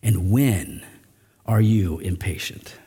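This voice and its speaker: A middle-aged man preaching a sermon as pastor, with animated, emphatic rising runs. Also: lowish voice, slow, breathy edge. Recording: long hall reverb.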